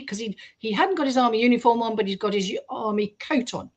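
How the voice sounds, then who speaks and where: A woman, a guest on a radio show, telling a story in a lively way and acting out the quoted voices. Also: fairly high pitch, quick pace, few pauses, slightly rough, highs cut off. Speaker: guest researcher. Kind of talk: storytelling in an interview.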